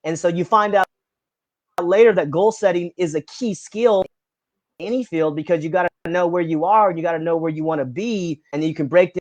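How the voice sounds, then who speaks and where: On a podcast, a male guest with a fairly high voice talks a little fast, earnest and passionate as he wanders casually from one idea to the next. The recording has no room sound.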